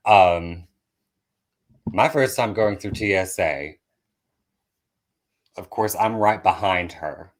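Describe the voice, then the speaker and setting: A man, a comedian guest on a podcast, telling a story in an animated way that builds to loud bursts. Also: low-pitched, takes it slowly, pauses often.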